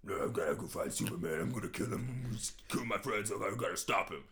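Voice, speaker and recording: A man's voice: low voice, animated, quick pace, a bit bright, pitched below the performer's own voice. A man voicing a stubborn, vengeful hero who answers in curt bursts. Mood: angry.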